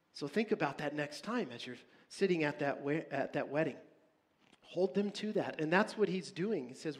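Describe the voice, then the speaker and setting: High-voiced animated male preacher. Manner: animated preaching, swings between loud urging and hushed asides. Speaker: pastor. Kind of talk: sermon.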